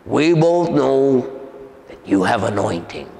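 A man voicing a deep-voiced, scheming male demon that talks slowly and coaxingly, in an echoey hall. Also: big pitch swings, warm tone, heavily acted. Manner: slow, coaxing, smooth-talking. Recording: echoey hall with long reverb.

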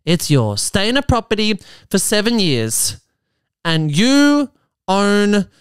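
A man's voice: sits high, slow, clear, resonant tone, dry recording. A man hosting a podcast, riffing jokily on articles he reads out and slipping into mock voices. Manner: jokey, animated, slips into mock voices. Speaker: podcast host. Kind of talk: casual commentary reading articles aloud. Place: apartment.

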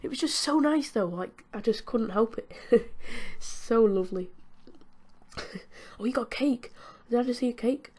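She has a high-leaning, dark voice with a breathy edge, and she speaks unhurriedly with long pauses. The British gaming channel host chats and giggles through casual gameplay commentary, addressing the game's characters.

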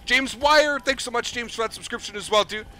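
A man's voice: very high-pitched, brisk, bright, forceful tone. A young man streaming a flight simulator, chatting upbeat and thanking donors over and over. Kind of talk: live gameplay commentary.

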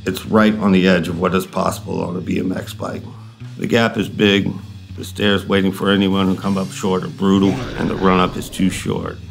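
A man giving a measured, matter-of-fact scripted narration for a documentary. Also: deep voice, flat delivery, gravelly. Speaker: narrator of the introduction. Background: guitar music.

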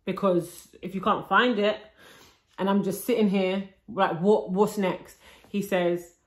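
A woman's voice: medium pitch, steady tone, measured pace. A young woman telling her labour story to her camera in a chatty, breathless way, full of likes and restarts. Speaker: vlogger. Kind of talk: casual storytime. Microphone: camera she films herself with. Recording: roomy echo.

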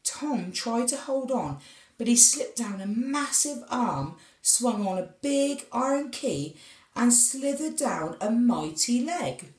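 Slow, expressive woman reading a storybook. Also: on the high side. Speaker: storybook reader. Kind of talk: children's story read-aloud. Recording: echoey room.

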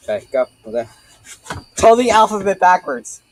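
A man's voice: high-pitched, big pitch swings, dry recording, low-quality recording. A man playing a party game and bantering, teasing and arguing about points, picked up on a laptop mic at home. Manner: teasing, competitive, quick to argue. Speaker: game player. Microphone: laptop webcam mic.

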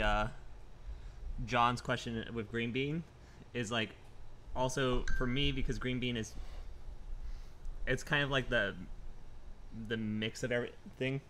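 A man in a casual live-stream chat, halting and heavy on fillers. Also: mid-range voice, pushed and bright, a little hiss or hum. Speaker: podcast co-host.

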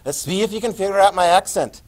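A man teaching a history class, lecturing lively and quizzing his students as he goes. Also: high-pitched, quick pace, poor audio. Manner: lively, quizzing students and repeating key words.

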